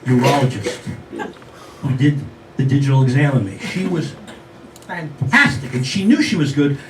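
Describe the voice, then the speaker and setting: A man's voice: mid-range voice, expressive, normal speed, slight background noise. A man in his sixties performing a self-mocking stand-up comedy set, talking straight to the audience. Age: 60s. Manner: self-mocking, conversational, addresses the audience directly. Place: live venue with audience. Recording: roomy live sound from a distance, audible crowd ambience.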